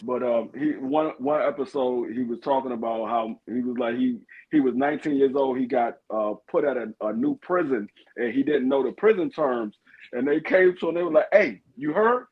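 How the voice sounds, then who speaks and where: A man's voice: medium pitch, moderate pace, slightly rough, phone-quality sound. A man on a casual livestream panel who tells stories in a rambling way, stumbling and repeating himself.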